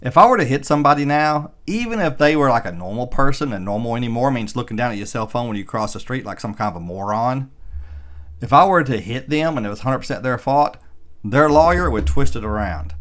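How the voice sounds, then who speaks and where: Rambling, opinionated middle-aged man. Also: on the low side. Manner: rambling, opinionated, sarcastic asides. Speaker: EV vlogger. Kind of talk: casual commentary while reading an article aloud.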